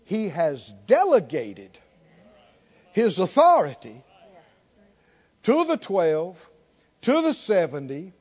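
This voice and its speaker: A man preaching a sermon in call-and-response style, building to near shouts. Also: high voice, wildly swooping pitch, slow pace, pauses often, dull audio.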